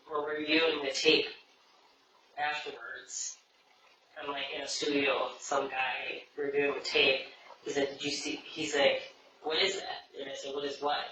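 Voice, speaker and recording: A man tells a story on a podcast, rambling and quoting everyone with "he's like". He sits away from the mic, so his somewhat high, flat voice comes through dull and heavily echoed. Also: a little hiss or hum. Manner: rambling, retells dialogue with many "he's like". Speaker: podcast co-host. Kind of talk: casual storytelling. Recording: distant, dull, very echoey room.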